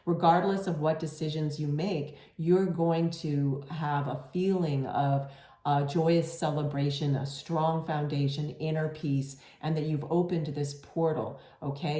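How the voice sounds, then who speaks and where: A woman with a low, mellow voice gives a gentle tarot reading straight to camera. She talks in a reassuring, unhurried way, full of ums and restarts. The room around her sounds echoey. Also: fairly even intonation. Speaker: tarot reader.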